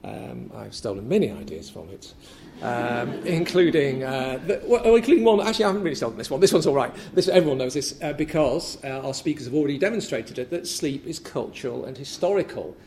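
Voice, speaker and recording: Man, academic speaker, conversational lecture, gravelly voice, lots of ums and restarts. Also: mid-range voice, animated, brisk, a little mellow. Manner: hesitant, many fillers and restarts. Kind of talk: conference paper talk. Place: lecture room at a symposium.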